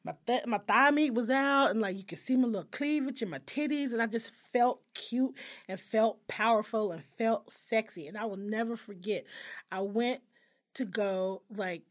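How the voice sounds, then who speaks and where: A woman in her thirties telling stories in a casual chat, animated and profane, often breaking into laughter. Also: fairly high pitch, normal speed. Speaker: podcast co-host.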